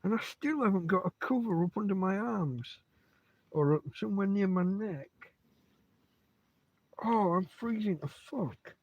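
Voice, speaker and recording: Man, livestream host, swears a lot, rambling, husky, dry close sound. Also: sits high, lively intonation, unhurried, long pauses, no room sound, muffled recording. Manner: heavy swearing, rambling asides. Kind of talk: casual rambling chat. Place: in bed at home.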